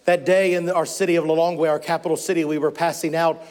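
A man's voice: fairly high pitch, level tone, fast, a little mellow. A man preaching a sermon as a missionary, telling a story with mounting fervor. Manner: impassioned storytelling, rising to fervent preaching.

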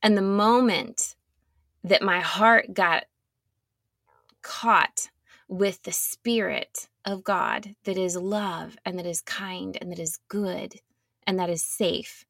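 A woman gives an earnest, reflective sermon in an unhurried way, with a gravelly edge to her voice. She sometimes sinks to a soft near-whisper, and the sound is close and dry. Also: medium pitch, fairly even intonation, dry recording. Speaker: speaker giving a devotional talk.

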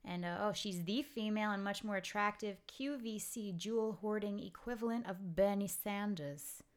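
A woman's voice: medium pitch, moderate pace. A woman hosting a podcast, telling a family story in a rambling, casual way full of fillers and asides. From Pennsylvania. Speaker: podcast host.

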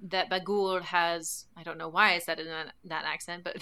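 A woman co-hosting a casual film discussion, slangy and quick to laugh. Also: deep voice, flat delivery, vocal fry, pushed and bright. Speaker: podcast co-host.

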